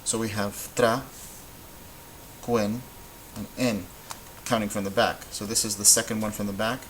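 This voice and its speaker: A man with a fairly low voice gives a patient whiteboard lesson. He explains each step slowly and stops now and then to correct himself. A faint hum of noise sits under his voice. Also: little pitch movement, rough recording. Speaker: Spanish teacher.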